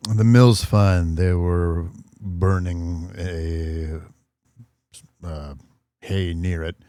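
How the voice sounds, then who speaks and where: Very deep, slow-talking man player. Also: steady tone, warm tone, dry recording. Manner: slow, matter-of-fact. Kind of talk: casual tabletop play.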